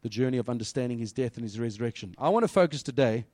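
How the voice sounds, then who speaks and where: A man giving a lively children's sermon, asking the listeners questions and quoting scripture. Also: medium pitch, very fast, no echo, clean studio sound. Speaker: pastor.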